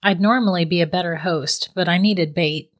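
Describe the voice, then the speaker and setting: Casting: cool, teasing witch captor, read by a woman in a storybook; lowish, unhurried, quietly amused. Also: natural voice. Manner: calm, matter-of-fact and mocking. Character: cold, teasing middle-aged female witch captor. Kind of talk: storybook reading.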